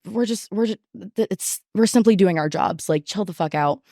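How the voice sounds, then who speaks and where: A young woman casually telling a story from her restaurant job, animated and profane, with lots of fillers. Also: mid-range voice, brisk, no room sound, clean studio sound. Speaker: podcast guest.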